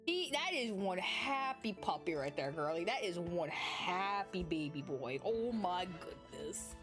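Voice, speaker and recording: A chatty young woman streams a game, her pitch bouncing and swooping as she talks. She slips into cooing baby talk with her pets between comments. Faint music sits behind her voice. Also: wildly swooping pitch, slow. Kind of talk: casual gameplay commentary.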